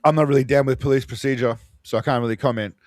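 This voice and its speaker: Fast-talking dry man. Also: medium pitch, fairly even intonation, no echo. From Australia. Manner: dry, teasing jokes. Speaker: podcast co-host. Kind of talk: casual movie commentary chat.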